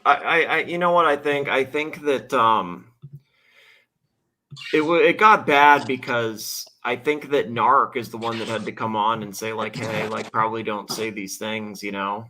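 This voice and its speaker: A man's voice: medium pitch, measured pace, pushed and bright, a little hiss or hum. A man hosting a livestream, chatting loosely with lots of fillers and trailing thoughts. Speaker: livestream host. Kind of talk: casual livestream chat.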